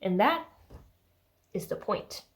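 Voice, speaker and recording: Sarcastic young woman chatting about books. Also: slow pace. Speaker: book vlogger. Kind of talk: casual chat.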